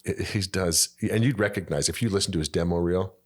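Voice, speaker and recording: Deep-voiced man chatting on a podcast. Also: fairly quick. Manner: animated storyteller, many restarts. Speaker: podcast guest, aspiring voice actor. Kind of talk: casual podcast chat.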